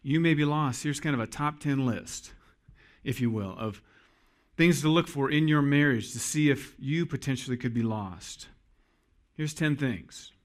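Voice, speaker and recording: Speaking at a medium pitch, this Iowa man in his forties delivers a sermon to his congregation as their pastor. He tells it earnestly, like a story, pausing to let points land.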